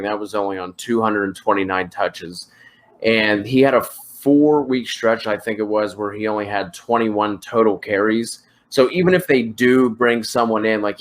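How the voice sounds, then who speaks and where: A man's voice: fairly low pitch, a bit bright. A man co-hosting a fantasy football podcast, rambling and joking with loose slang. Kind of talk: casual sports chat.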